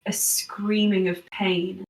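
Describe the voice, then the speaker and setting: A woman's voice: mid-range voice, level tone, slow, far from the mic. A woman narrating a tabletop game as game master, describing scenes with lots of fillers. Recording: echoey room, voice from off-mic.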